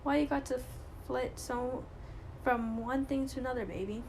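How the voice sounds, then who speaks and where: A woman's voice: sits high, steady tone, moderate pace, darkish tone, slight background noise. Woman reading a wistful old widow. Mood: scolding. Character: older woman, a wistful grieving widow and matriarch. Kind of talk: amateur play reading.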